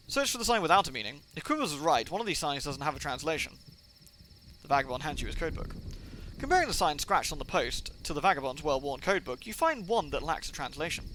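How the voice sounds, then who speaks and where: A man's voice: fairly high pitch, big pitch swings, fast talker, bright, forceful tone, a little hiss or hum, rough recording. A man streaming a video game, reading its text aloud with chatty asides and fillers.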